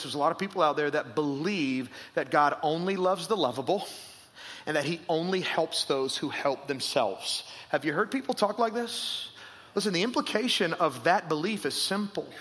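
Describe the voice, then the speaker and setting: A man's voice: a little high, a bit bright, in a large hall. A male pastor preaching an emphatic sermon that rises to raised intensity.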